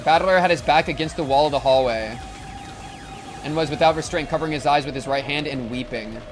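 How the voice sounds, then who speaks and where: Young male streamer, pitched a bit high, casual reader who keeps breaking off the narration to riff. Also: brisk, over music. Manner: excitable, slangy, breaks off narration to joke. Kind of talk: reading a visual novel aloud and reacting.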